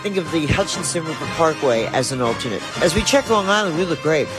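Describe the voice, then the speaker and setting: A woman giving a radio traffic report, briskly rattling off road conditions from a traffic center studio. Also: low-pitched, expressive, over music.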